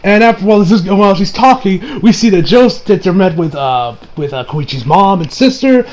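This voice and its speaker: A man's voice: sits high, expressive, moderate pace, crowd noise. A man casually recapping an anime episode, rambling with laughs and joking asides. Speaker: anime reviewer.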